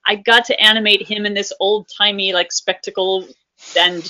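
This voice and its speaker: Bright-voiced upbeat woman guest. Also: mid-range voice, steady tone, normal speed, a little hiss or hum, low-quality recording. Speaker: podcast guest, former animator. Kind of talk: casual interview conversation.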